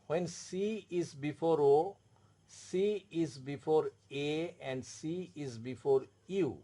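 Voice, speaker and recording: A man with an Indian English accent teaching a French lesson, explaining slowly and repeating words and spelled-out letters. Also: on the high side, dark tone. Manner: slow, repetitive, spells out letters. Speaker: French tutor. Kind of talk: classroom explanation.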